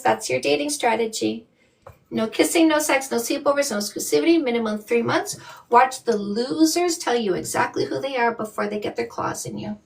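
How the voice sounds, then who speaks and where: A woman's voice: high voice, gravelly, a bit bright, recorded from a distance. A woman from Canada hosting a live stream as a dating coach, reading viewer comments with blunt, sassy emphasis. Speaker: dating coach and livestream host.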